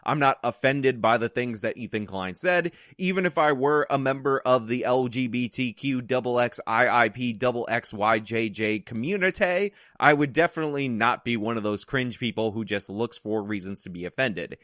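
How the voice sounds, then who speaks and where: A man's voice: mid-range voice, normal speed, few pauses, a bit bright, dry recording, clean studio sound. A man hosting an opinion commentary video, delivering it with sarcastic, mocking asides.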